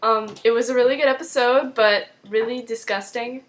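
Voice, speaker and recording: A woman's voice: on the high side, steady tone, normal speed. A woman vlogger casually recapping a TV episode in a chatty way, full of "like". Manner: chatty, heavy use of "like", acts out quotes.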